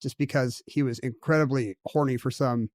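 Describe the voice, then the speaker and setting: A man's voice: mid-range voice, fairly even intonation, moderate pace, darkish tone, no room sound. A man co-hosting a podcast, chatting casually in a wry, joking, digressive way. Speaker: podcast co-host. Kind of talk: casual chat.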